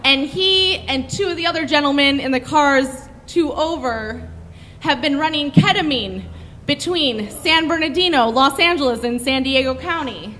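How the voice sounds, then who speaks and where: A gruff male undercover cop, curt and commanding, as a young woman puts him on while telling a story. Her voice stays fairly bright, and the hall around it rings with a long reverb. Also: high-pitched, normal speed, a little hiss or hum. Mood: placating.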